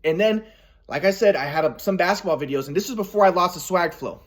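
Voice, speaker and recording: A man's voice: sits high, fast talker. A man telling a personal story in a rambling way, with many restarts, acting out what people said. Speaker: vlogger.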